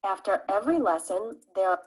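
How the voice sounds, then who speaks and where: A woman's voice: medium pitch, animated, moderate pace, slightly rough, low-quality recording. A woman reading vocabulary examples and explanations in a plain, scripted way. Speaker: English teacher. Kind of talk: scripted lesson narration.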